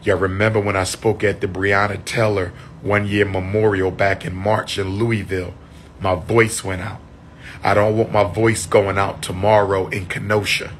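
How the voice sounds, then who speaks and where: A man chatting on a livestream, losing his voice, repeating shout-outs to his viewers. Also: fairly low pitch, a little hiss or hum. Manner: repetitive, call-and-response shout-outs to viewers. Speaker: livestream host. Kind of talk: casual livestream chat.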